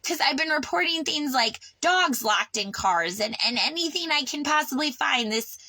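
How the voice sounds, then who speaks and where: A woman's voice: high voice, animated, normal speed, sharp tone, no room sound, poor audio. Agitated, swearing woman venting. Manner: agitated, swearing, stammering restarts. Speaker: vlogger. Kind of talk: unscripted personal vlog rant. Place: on her sailboat.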